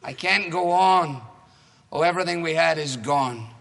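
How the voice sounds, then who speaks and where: A weary, fretful old widow, as a male preacher reads her from a rhyming storybook. She laments in sing-song verse in a bright, forceful voice. The sound carries a long hall reverb. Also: fairly high pitch, normal speed. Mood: lamenting.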